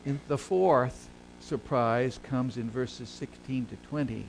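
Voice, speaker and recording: A male pastor preaching a sermon, swelling loud and high on key phrases and then sinking low and quiet. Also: slow pace, creaky, slight background noise, low-quality recording. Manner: preaches with big swells in pitch and volume, then drops low.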